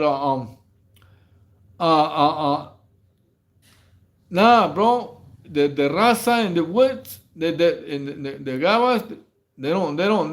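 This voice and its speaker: A high-voiced man from Mexico hosts a livestream, casually telling prison stories. His storytelling rambles and stammers, heavy on slang and broken up by frequent laughs.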